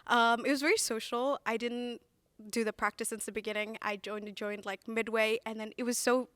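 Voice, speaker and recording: A woman's voice: a little high, fairly even intonation, brisk, fairly bright tone, clean tone, no echo. A young woman hosting a casual vlog, chatty with many filler words, still out of breath. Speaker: vlog host and reporter.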